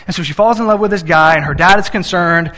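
A man's voice: high voice, quick pace, sharp tone, big-room sound. A man in his thirties preaching a sermon, telling family stories and acting out little voices when he quotes his son and wife. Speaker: pastor.

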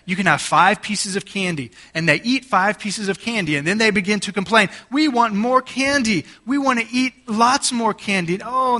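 A man gives a sermon and works through a scripture passage verse by verse. His voice is bright and ringing and sits a little high. He makes each point clear with simple examples from family life. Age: adult parent. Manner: expository preaching with plain everyday examples. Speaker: pastor.

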